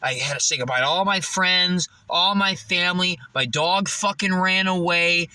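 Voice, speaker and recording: A man's voice: high voice, normal speed, sharp tone, no echo. A young man talking casually to camera in a profane, rambling way, laughing often. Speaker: vlogger. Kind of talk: casual vlog monologue. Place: living in his car. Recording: distant from the mic, dry.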